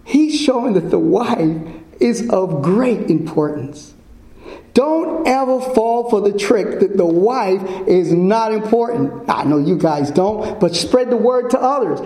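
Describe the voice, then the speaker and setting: A man's voice: high voice, animated, slow pace, mellow. A man giving an informal sermon as a Bible teacher, emphatic and full of rhetorical questions to his listeners. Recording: echoey room.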